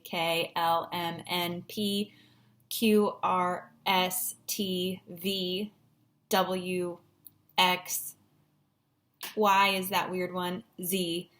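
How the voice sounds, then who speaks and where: A woman's voice: lowish voice, slight background noise. A woman teacher giving a patient, encouraging phonics lesson at a whiteboard, sounding out syllables.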